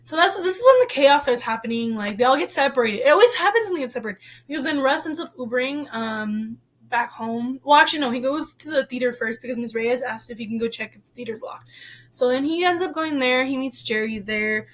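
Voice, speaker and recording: Young woman, high voice, casual book chat; rambly, filler-heavy, expressive. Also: a little fast. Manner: expressive, gets worked up. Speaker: book reviewer.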